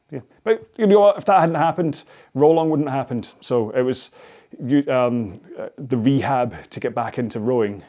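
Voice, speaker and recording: A man's voice: medium pitch, a little mellow. A man in his forties leading a follow-along stretching cooldown, chatty and self-mocking, wandering off into personal asides. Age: 40s. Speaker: rowing coach.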